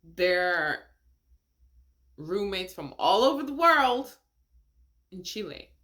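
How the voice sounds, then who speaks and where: A woman hosting a casual reaction video, talking in an animated, incredulous way with frequent laughter and rhetorical questions. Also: medium pitch, slow pace.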